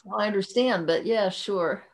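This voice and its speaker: A woman's voice: mid-range voice, moderate pace. A woman hosting an interview, reacting effusively and going off on chatty tangents. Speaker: interview host.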